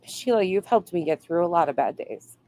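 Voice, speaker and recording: A woman's voice: on the low side, lively intonation, brisk, warm tone. A woman hosting a casual livestream, reading viewer comments aloud and swearing playfully. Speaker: livestream host reading chat.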